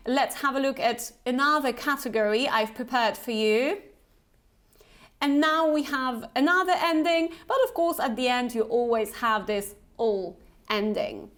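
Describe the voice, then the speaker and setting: A woman in her thirties with a light Polish accent leads an English pronunciation drill. Her voice sits somewhat high, and she speaks slowly and deliberately. She models each word twice so the learner can repeat it. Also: a bit bright. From Poland. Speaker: Business English pronunciation trainer.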